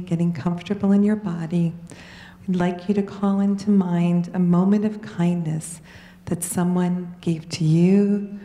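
A woman leading a guided meditation in a gentle, soothing way. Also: lowish voice. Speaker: meditation leader. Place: large hall. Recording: echoey hall reverb.

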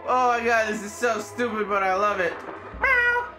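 A gamer giving casual, excitable commentary while playing, joking around and swearing freely. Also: mid-range voice, brisk. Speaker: let's play gamer. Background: game music.

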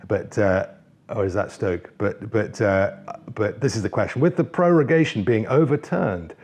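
Hesitant low-voiced man. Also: darkish tone. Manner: hesitant, many fillers and restarts. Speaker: party leader answering member questions. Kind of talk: livestreamed Q&A, reading out messages.

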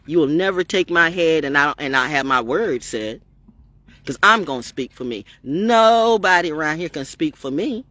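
A woman's voice: sits low, dry recording. A woman giving a rambling, defiant spiritual monologue on her vlog, streetwise and preachy, swearing freely. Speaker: spiritual vlogger.

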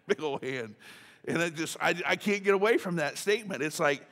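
A man's voice: on the high side, animated, moderate pace, a bit bright. A man preaching a casual, joking sermon as pastor, talking chattily with many restarts and asides. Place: church sanctuary. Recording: church hall reverb.

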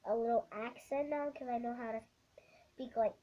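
Rambling young vlogger, lots of ums. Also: female voice, fairly high pitch, fairly even intonation. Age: child. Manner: halting, many ums and restarts. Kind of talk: rambling casual vlog. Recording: muffled lo-fi camera audio.

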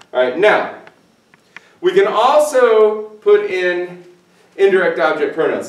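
A man teaching a Spanish grammar lesson on video, explaining playfully and joking with his cameraman. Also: a little high. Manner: playful, jokey, animated asides. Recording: echoey room, distant mic.

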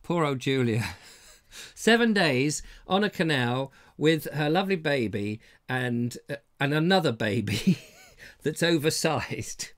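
A man's voice: a little high, animated, slow. Jokey man hosting live. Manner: jokey, rambling, reads viewer comments aloud. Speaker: host of a live online show. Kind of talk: casual live-stream chat.

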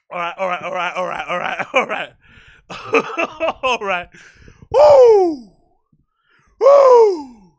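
A man hosting a live reaction stream, rowdy and excitable, laughing often and swearing. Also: sits high.

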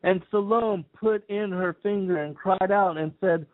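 A man reading an old scripture text aloud in a slow, measured, solemn way. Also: high voice, fairly even intonation. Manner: slow, measured, archaic phrasing. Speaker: scripture reader. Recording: tinny phone-like sound.

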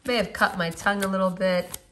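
A woman with a hoarse, partly lost voice giving a casual tarot reading, talking conversationally and asking her listeners rhetorical questions. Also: mid-range voice, background noise. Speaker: tarot reader.

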